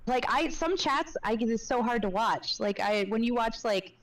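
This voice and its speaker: A woman's voice: fairly high pitch, expressive, moderate pace, distant mic, low-quality recording. A woman in her twenties, a streamer guest on a podcast, chatting casually in a rambling way full of fillers and giggles. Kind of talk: casual chat.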